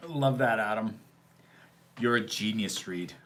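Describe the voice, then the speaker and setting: A man's voice: on the low side, noisy background. A man hosting a livestream, casually commenting on a film, answering chat questions and laughing often in a sarcastic tone. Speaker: livestream host reacting to a film.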